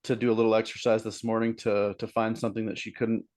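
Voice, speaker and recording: A young man with a fairly low voice explains things as a guest teacher at a workshop. His talk is casual and meandering, full of hesitations and filler words. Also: monotone, fast, a little mellow.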